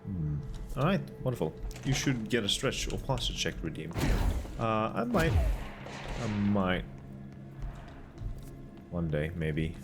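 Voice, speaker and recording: A man streaming a video game, chatting casually and musing to himself with a relaxed, dryly sarcastic manner. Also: on the low side, takes it slowly, pauses often, music in the background. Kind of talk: casual gameplay commentary.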